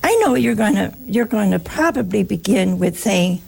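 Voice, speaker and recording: A woman's voice: medium pitch, animated, normal speed, creaky, few pauses, darkish tone, breathy edge. An older woman, a religious sister, gives an informal talk to an audience, telling stories in a folksy, joking way.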